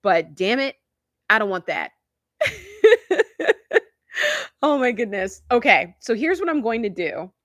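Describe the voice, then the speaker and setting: A woman's voice: fairly high pitch, sing-song, measured pace, long pauses, a bit bright, no echo, studio quality. A woman in her fifties hosting a casual live-stream chat, telling stories in a confiding, chatty way and laughing often. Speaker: YouTube channel host.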